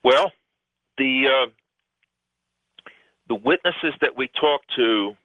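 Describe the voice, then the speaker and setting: A man's voice: medium pitch, expressive, slow pace, gravelly, dry recording. A man, a guest researcher, talks at length in a radio interview, rambling and emphatic with many fillers. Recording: tinny phone line, dry.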